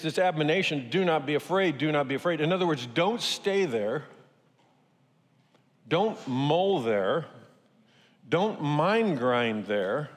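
Man preaching in a reverberant hall. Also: medium pitch. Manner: conversational, repeats key phrases, acts out quotes. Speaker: pastor. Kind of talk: sermon.

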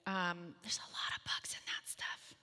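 A woman in her thirties telling a humorous, self-mocking story to a moms' group, animated and acting out the voices in her quotes. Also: a little slow, in a whisper, in a large hall.

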